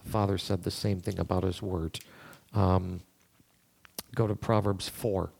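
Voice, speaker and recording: A man's voice: sits low, little pitch movement, unhurried, vocal fry, a little mellow, slight background noise. A man teaching a verse-by-verse Bible study to listeners in a room, in a conversational way, thinking aloud and asking them questions.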